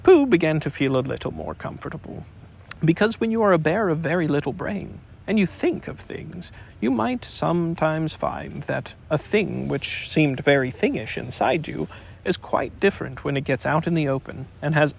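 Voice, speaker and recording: A man narrating a classic children's book in a gentle, expressive reading voice. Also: on the high side, moderate pace, gravelly, slight background noise. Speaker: audiobook narrator. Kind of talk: storybook narration.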